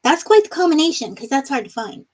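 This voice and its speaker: A woman hosts a casual livestream, reading viewer comments aloud and laughing often in between. Her voice sits high and sing-song, she talks fast, and the audio quality is poor.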